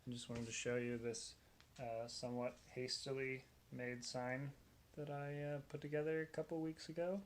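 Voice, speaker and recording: A man recording a casual birthday message, talking haltingly with many pauses and uhs. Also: medium pitch, level tone, slight background noise.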